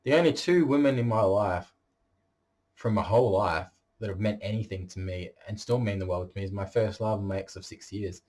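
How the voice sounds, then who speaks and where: A man's voice: lowish voice, fairly quick, darkish tone. A man talking straight to camera in a vlog monologue, blunt and boastful and swearing freely. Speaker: vlogger.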